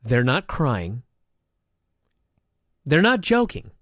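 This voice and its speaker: A man's voice: medium pitch, wildly swooping pitch, extremely slow, a bit bright, no echo, clean studio sound. A man co-hosting a casual chat show, making wry, sarcastic asides and swearing freely. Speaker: podcast co-host.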